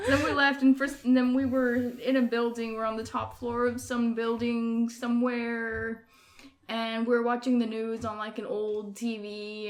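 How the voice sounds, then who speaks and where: High-voiced young woman telling a dream. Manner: laughing often, animated, shouting quoted lines. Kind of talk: casual storytelling among friends.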